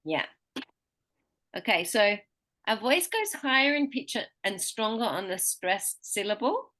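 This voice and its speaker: A woman with a bright, forward voice runs a one-on-one pronunciation lesson. She stretches out example words slowly and clearly so her student can copy them, then goes back to explaining at an easy, patient pace. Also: mid-range voice, sing-song. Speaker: pronunciation teacher.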